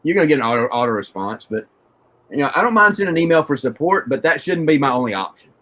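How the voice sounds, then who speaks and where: A man's voice: mid-range voice, animated, fast, fairly bright tone. A man hosting a casual chat, rambling and restarting as he asks questions. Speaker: host.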